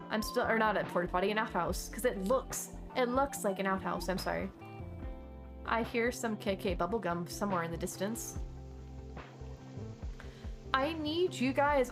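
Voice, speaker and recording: A woman streaming a game and chatting casually, rambling along with sudden excited exclamations. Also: fairly high pitch. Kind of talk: casual gameplay chat. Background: chill background music.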